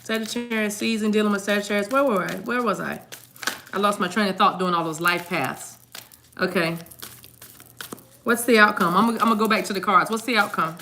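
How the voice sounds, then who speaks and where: A woman talks through a tarot reading in a loose, rambling way, circling back and repeating herself as she goes. Her voice is bright and forward. She speaks casually and addresses viewers directly. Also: mid-range voice, fairly even intonation, fairly quick, a little hiss or hum. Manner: chatty, rambling, repeats words, sings snatches of songs. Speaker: tarot card reader.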